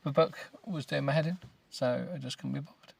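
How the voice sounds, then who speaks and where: Gravelly grumbling British man. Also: mid-range voice, brisk. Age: adult with children. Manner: grumbling, rambling, deadpan and self-mocking. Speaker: podcast host. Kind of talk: casual comedic podcast, reading a book aloud.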